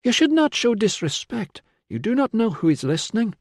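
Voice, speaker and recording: A man's voice: high-pitched, sing-song, moderate pace, no echo, studio quality, pitched above the performer's own voice, full character voice. A man voicing a young woman healer who speaks earnestly and warily. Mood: wary. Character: young native woman healer, wary and superstitious.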